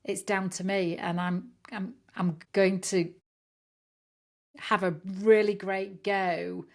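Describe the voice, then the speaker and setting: A woman's voice: mid-range voice, level tone, slow, vocal fry. A woman hosting an interview, reflecting on and summing up what her guest says. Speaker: interview host.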